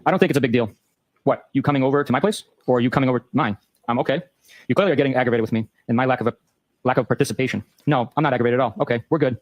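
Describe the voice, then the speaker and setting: A male host with a mid-range voice reads a long exchange of text messages aloud, brisk and matter-of-fact. There's no echo on the recording.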